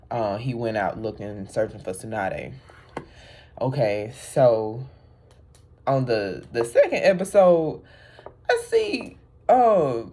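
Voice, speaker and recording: A woman vlogger chatting casually about an anime, animated and rambling, with many fillers and laughs. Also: rumbling low. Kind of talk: casual chat.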